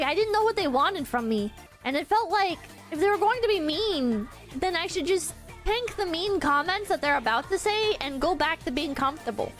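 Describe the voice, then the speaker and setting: A woman's voice: very high voice, a bit bright. A young woman streamer chatting frankly and at length, swearing often and filling her talk with "like". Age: young adult. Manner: rambling, frank, swears often, many fillers. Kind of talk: casual stream chat.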